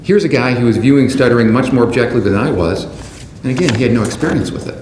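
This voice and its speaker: Male keynote speaker, mid-pitched voice, deliberate scripted delivery, roomy hall echo, faint background hum. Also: animated, darkish tone. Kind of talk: prepared speech to an audience. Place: large conference hall.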